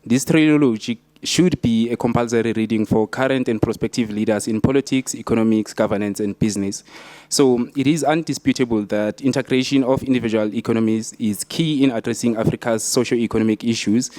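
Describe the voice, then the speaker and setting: A man's voice: mid-range voice, fairly even intonation, brisk, no room sound. Young guy in the audience, formal question, close dry sound. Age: young adult. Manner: soft-spoken, then more formal. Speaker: audience member asking a question.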